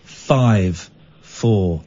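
A man's voice: lowish voice, drawn-out words, mellow. A man hosting a late-night radio phone-in, playful and teasing, with mock outrage. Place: radio studio. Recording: muffled radio broadcast.

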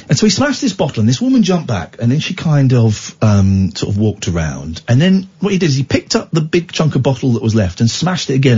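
A man hosts a talk radio show, telling stories with a husky, rough-edged voice. His pitch leaps about as he acts out the people in them. The sound is dull and lo-fi, like an old radio broadcast. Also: a little mellow. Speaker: radio phone-in host. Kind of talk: casual talk radio storytelling.

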